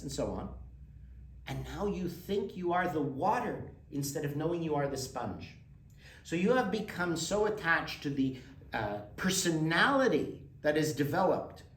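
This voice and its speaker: Animated man presenting a workshop. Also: on the high side. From Quebec, Canada. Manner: animated, rhetorical questions to the audience. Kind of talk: motivational workshop talk. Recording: roomy, from a distance.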